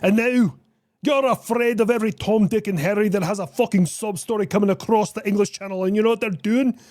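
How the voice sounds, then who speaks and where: A brash, swaggering Scotsman who loves a scrap and swears freely, talking out of one side of his mouth, as a streamer puts him on. The thick put-on Scottish accent sits in a mid-pitched voice, recorded close and dry with no room sound. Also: steady tone, brisk, a little mellow, dry recording, natural voice. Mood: swaggering boast. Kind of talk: mock impression during reaction stream.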